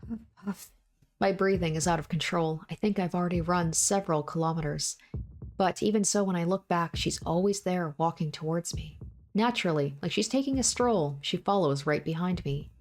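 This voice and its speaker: A woman's voice: lowish voice, a little fast, a little mellow, a little hiss or hum. A woman reading a visual novel aloud in the first person, with an intense delivery that acts out panting breaths and repeated desperate cries. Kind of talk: dramatic first-person story reading with asides.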